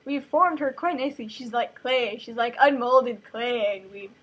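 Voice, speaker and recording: A woman's voice: on the high side, normal speed, fairly bright tone, breathy edge, low-quality recording. A woman voicing a gloating, sinister older sister with a haughty, sing-song manner.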